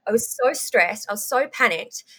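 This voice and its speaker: A woman's voice: on the high side, husky. A young Australian woman telling a story as a guest in casual conversation, full of ums and restarts. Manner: animated, rapid recounting with frequent ums and restarts.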